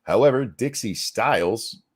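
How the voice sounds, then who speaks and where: A man co-hosting a podcast, reading news articles aloud in a deadpan way and breaking off for dry asides. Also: medium pitch, unhurried, husky. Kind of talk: casual news commentary.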